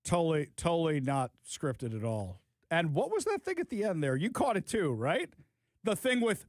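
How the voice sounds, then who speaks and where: Animated sarcastic male radio host. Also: on the high side, normal speed, no echo, clean studio sound. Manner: sarcastic, animated, talks to listeners. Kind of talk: opinionated radio commentary. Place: radio studio.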